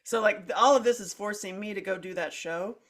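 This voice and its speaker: A woman's voice: medium pitch, a little fast. A middle-aged woman hosting a candid conversation, telling a personal story animatedly with many "like" fillers, acting out her own quoted lines and laughing between phrases. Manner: frequent "like" fillers and restarts, laughs through speech. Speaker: podcast host.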